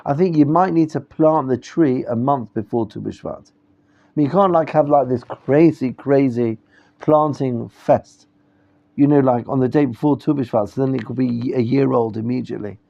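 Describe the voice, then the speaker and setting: A man's voice: medium pitch, moderate pace, vocal fry. Man teaching a class, muffled recording. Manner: conversational, checks in with listeners. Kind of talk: classroom lecture.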